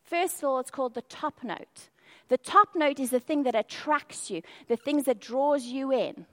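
A woman's voice: high-pitched, lively intonation, moderate pace. A woman preaching a sermon, telling the story with feeling and acting out the quoted voices. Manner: storytelling, acts out quoted speech with rising intensity. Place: perfume lamp demonstration at the start.

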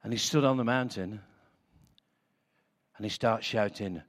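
A man preaching a sermon with passion, moving between hushed, prayerful lines and loud declarations. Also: lowish voice, a little slow, pauses often, in a large hall, highs cut off.

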